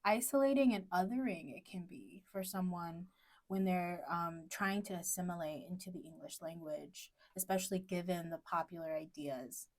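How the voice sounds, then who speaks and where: A woman's voice: fairly low pitch, normal speed, darkish tone. A woman co-hosting a student podcast, talking through ideas in a casual academic discussion, hesitant and full of fillers.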